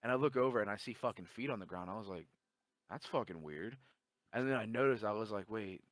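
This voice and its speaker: A man's voice: fairly low pitch, brisk, dry recording. A man telling a long story in casual chat, swearing a lot and acting out the dialogue. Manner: profane, animated storytelling with quoted dialogue.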